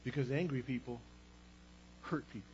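A man's voice: mid-range voice, moderate pace, darkish tone, dull audio, a little hiss or hum. A man preaching a sermon as pastor, conversational, asking the congregation rhetorical questions.

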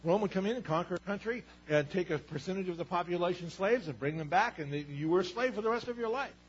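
Pastor, male, slightly high, husky voice, conversational preaching, dull recording. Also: quick pace. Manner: conversational preaching with rhetorical questions. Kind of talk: sermon.

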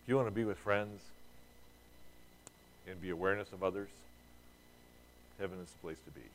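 A man's voice: sits low, fairly quick, slight background noise. A man preaching a sermon to a congregation in a conversational way, asking them rhetorical questions and repeating words as he restarts. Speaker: pastor.

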